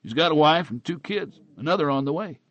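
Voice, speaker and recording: A man's voice: expressive, fairly quick, a bit bright, lo-fi sound. A man doing a folksy, gossipy bartender. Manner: folksy, gossipy, raised pitch. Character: chatty small-town male bartender, folksy.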